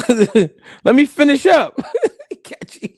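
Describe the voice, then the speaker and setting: Male stream host, high voice, cracks up often, dry close sound. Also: slow, dry recording. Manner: animated, laughing, profane banter. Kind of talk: live-stream boxing commentary.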